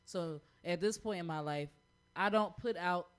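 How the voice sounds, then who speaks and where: A woman, co-hosting a podcast in a studio. She talks candidly about her own life, jumps in eagerly, and laughs easily. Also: on the low side. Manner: candid, laughing, quick to jump in. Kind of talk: casual podcast chat.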